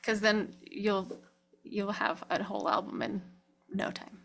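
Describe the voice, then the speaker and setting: A woman's voice: mid-range voice, measured pace, gravelly, a bit bright, a little hiss or hum. Encouraging woman music mentor. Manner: encouraging, upbeat. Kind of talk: casual supportive coaching chat.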